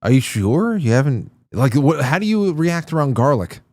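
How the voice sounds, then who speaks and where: A man's voice: on the high side, very animated, a little mellow, no room sound. Dry-sounding male show host. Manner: halting, friendly banter, reads chat comments. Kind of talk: casual chat. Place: studio.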